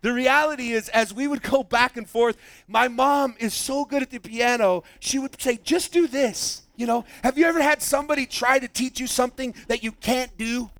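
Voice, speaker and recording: A man preaching a sermon, telling a story with lively acted-out quotes. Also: very high voice, moderate pace, no room sound. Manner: animated storytelling, acts out quoted voices. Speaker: pastor.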